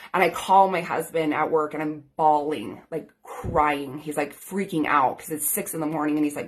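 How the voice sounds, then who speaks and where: Low-voiced woman telling a personal story. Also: fairly even intonation, moderate pace. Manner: chatty, many "like" and "um" fillers; earnest and grateful. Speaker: life coach.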